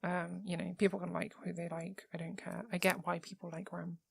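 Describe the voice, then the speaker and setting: A woman's voice: on the low side, little pitch movement, fairly quick, creaky. A young woman co-hosting a podcast in casual chat, thoughtful and hedging as she thinks aloud. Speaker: podcast co-host.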